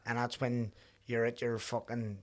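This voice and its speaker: A man's voice: medium pitch, flat delivery. A young man, hosting a casual podcast chat and telling stories, swearing freely and quoting himself. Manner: rapid, swearing, storytelling with quoted asides. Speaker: podcast host, professional boxer.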